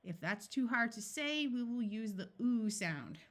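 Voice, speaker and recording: A woman teaching a phonics lesson, sounding out each word slowly and then blending it together. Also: a little high, expressive. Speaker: reading tutor.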